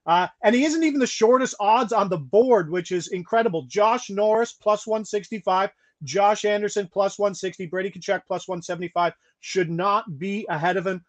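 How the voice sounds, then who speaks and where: Higher-pitched male host, quick stat-reader, casual betting talk. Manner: brisk, rattles off stats and odds, laughs mid-sentence. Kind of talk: casual sports betting chat.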